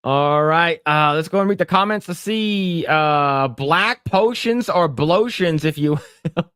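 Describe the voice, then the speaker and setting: A man with a slightly high, somewhat bright, smooth voice speaks slowly on a casual podcast he co-hosts, recorded dry with clean studio sound. He reads comments aloud and jokes around, stumbling through lots of stammered restarts and breaking into mock voices.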